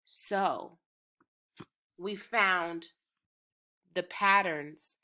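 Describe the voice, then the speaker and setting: Lady teaching little kids, bright clear voice, a bit low, super encouraging. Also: expressive. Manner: encouraging, drawn-out, rhythmic chanting. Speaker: preschool teacher. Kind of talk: slow, sing-song lesson for small children.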